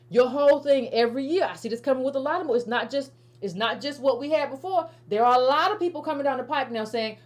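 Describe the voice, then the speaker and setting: A woman's voice: high voice, quick pace, hardly any pauses. A woman hosting political commentary in a casual, emphatic style, often repeating herself and restarting sentences as she talks straight to her viewers. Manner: emphatic, repetitive, stammering restarts, addresses viewers as family. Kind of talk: casual direct-to-camera commentary.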